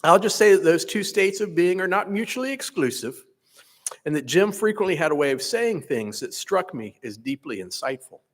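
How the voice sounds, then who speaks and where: A man, a faculty senate president, giving a measured, earnest commencement speech from a podium. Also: sits high, very animated. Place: large hall. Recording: echoey hall PA recording.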